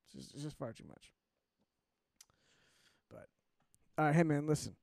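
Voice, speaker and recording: A young man co-hosting a podcast, telling stories in a casual, animated way and acting out the people he quotes. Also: a little high, normal speed, dry recording. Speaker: podcast co-host. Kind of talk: casual chat.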